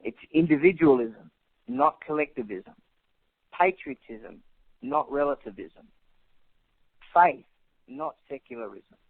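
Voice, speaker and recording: An Australian man in his thirties appears as a radio interview guest, speaking confidently in punchy rhetorical contrasts. His mid-range voice has lively intonation, a slightly slow pace, and long pauses. The phone line is tinny and dry, with no echo.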